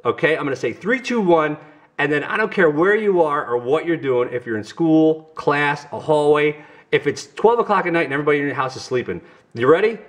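Goofy, chatty New York dad. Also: male voice, fairly high pitch, animated, a little fast. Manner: goofy, chatty, talks straight to viewers. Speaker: family vlog host. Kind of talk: casual card-opening vlog.

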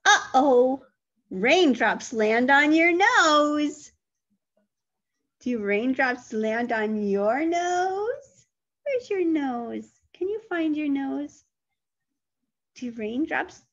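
A woman teacher reading a picture book aloud to toddlers, gentle and full of questions, with animated sound effects. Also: high voice, takes it slowly, highs cut off. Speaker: early childhood teacher.

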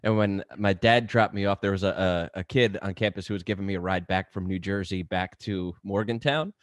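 A man's voice: low-pitched, brisk, no room sound. A man on a radio show telling an amused, casual story. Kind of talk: casual studio banter.

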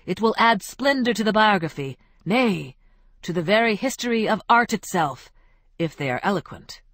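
A woman's voice: medium pitch, expressive, normal speed, no room sound, clean studio sound. A woman voicing an eloquent, grandiose male biographer who speaks in flowery, effusive phrases. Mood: insistent.

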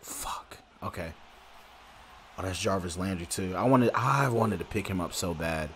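A man streaming a football video game, giving excitable, slangy live commentary and talking to his viewers. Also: sits low, measured pace, slight background noise. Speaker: gaming streamer. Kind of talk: casual live gameplay commentary.

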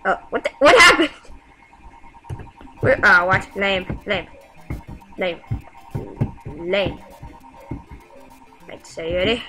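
A woman giving casual gameplay commentary, excitable and talking back to the game with frequent yelps and exclamations. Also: medium pitch, slow pace, long pauses, faint music behind, low-quality recording. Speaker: gamer.

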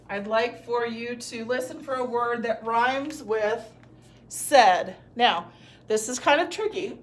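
A woman teacher giving a recorded phonics lesson to young children, patiently sounding out words and praising answers. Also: on the high side.

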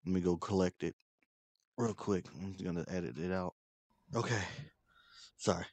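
Deep-voiced guy swearing and grumbling over a wrestling game, dry close mic. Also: moderate pace, darkish tone, no room sound. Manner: profane, grumbling, irritated. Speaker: gaming streamer. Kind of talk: casual gameplay commentary.

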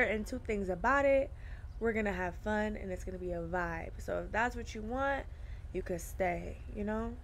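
A woman streamer gives loose, slangy commentary while she plays, laughing often and talking straight to her viewers. She takes her time between words, at a middling pitch. A faint hiss sits under her desk-mic sound. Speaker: gaming streamer. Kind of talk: casual game commentary.

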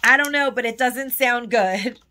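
Bright high-voiced woman gushing over finds. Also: a little slow. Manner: gushing, emotional, chatty. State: tearful at times. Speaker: haul vlogger. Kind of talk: casual haul chat.

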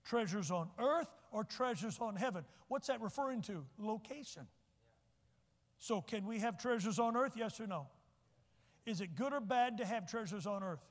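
A man, preaching a sermon as pastor, folksy, joking asides and repeating his points slowly. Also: sits high, expressive. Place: church sanctuary. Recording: long church reverb.

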